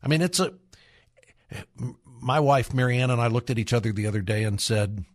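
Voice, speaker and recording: A man's voice: medium pitch, moderate pace. A middle-aged man hosting a radio talk, earnestly urging parents, repeating himself and breaking into acted quotes. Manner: earnest, exhorting, acts out quoted voices. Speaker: radio host.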